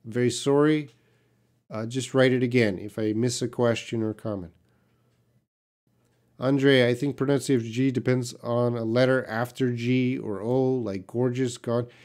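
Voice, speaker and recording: A man with a Canadian accent teaching English on a live stream. He takes each question in turn and talks at a slow, unhurried pace, patient and plain, with a voice of middle pitch. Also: steady tone, darkish tone. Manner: slow, patient, answers viewers' comments.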